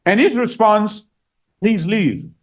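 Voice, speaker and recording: Man, preacher, sermon, high voice, very animated, reads scripture, repeats key phrases. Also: takes it slowly. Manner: rises higher and louder for emphasis.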